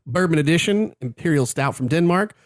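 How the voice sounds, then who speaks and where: A man's voice: on the high side, animated, a little fast, no echo, studio quality. A man co-hosting a podcast, chatting casually, joking and tripping over names. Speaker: podcast co-host. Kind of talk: casual chat.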